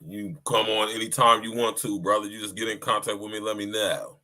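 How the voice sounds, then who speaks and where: A man hosts a casual podcast livestream, hyped up and repeating his points. His voice is bright and forceful, and he keeps tagging "man" onto his lines. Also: fairly low pitch, level tone, a little fast. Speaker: podcast host.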